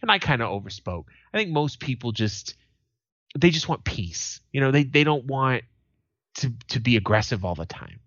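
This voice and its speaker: A man's voice: mid-range voice, normal speed, no room sound, muffled recording. A man, co-hosting a podcast and telling profane stories in a casual chat. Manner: profane storytelling, animated quoted voices. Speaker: podcast co-host.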